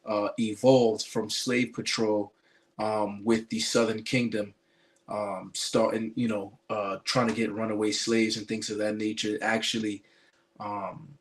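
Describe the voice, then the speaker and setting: A man's voice: fairly low pitch, little pitch movement, a little slow. A man giving a spiritual commentary sermon to his online viewers, preaching emphatically with many fillers and restarts.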